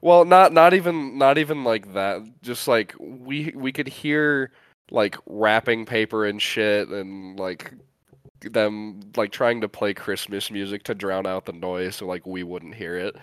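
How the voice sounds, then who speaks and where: Young Midwestern man, podcast co-host, meandering and relaxed, low and smooth. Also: measured pace, no room sound. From US Midwest, Great Lakes state. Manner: rambling, filler-heavy, relaxed. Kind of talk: casual chat.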